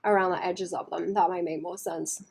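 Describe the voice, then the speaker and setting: A woman livestreaming her painting, chatting casually and thinking aloud in soft mutters that trail into whispers, second-guessing her work. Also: fairly low pitch, fairly even intonation, moderate pace, creaky, slight background noise. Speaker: artist streaming her painting.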